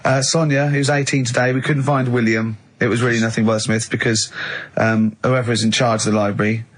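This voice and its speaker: Middle-aged guy hosting radio, teasing, animated, mid voice. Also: medium pitch. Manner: animated, teasing, quick bursts of laughter. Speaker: radio host. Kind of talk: comic radio banter.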